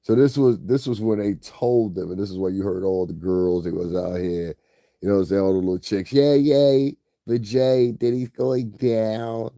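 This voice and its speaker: Male vlogger, low dark voice, casual rambling commentary, dry close sound. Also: fairly even intonation, fairly quick, no room sound. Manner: rambling, repeats "you know what I'm saying", laughs often.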